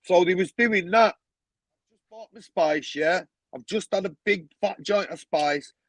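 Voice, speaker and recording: A man, a podcast guest telling animated stories, swearing often and acting out other people's voices. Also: high voice, unhurried, gravelly, no echo, low-quality recording. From Manchester, England. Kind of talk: casual storytelling.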